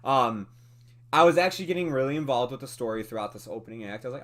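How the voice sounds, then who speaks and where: A man co-hosting a movie podcast, talking through a film review in a casual, animated way with lots of fillers and laughs. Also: medium pitch, quick pace. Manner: animated, chatty, many fillers, laughs often.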